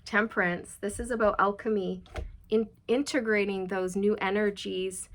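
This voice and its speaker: A woman's voice: mid-range voice, fairly even intonation, normal speed. A woman giving a chatty, reassuring tarot reading and passing on channeled messages directly to her viewers. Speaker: tarot reader.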